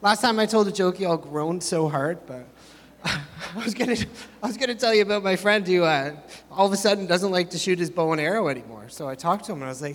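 Middle-aged guy preaching, kinda high voice, joking at himself, long church hall reverb. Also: expressive, a little fast. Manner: self-mocking, chatty, rambling. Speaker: pastor. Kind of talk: sermon with jokes.

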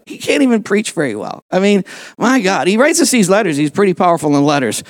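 A man preaching to his congregation with a high-pitched, lively voice. He is jokey and animated, slipping into the voices of the people he tells about. His delivery has the steady push of a practiced sermon. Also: fairly quick. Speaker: pastor.

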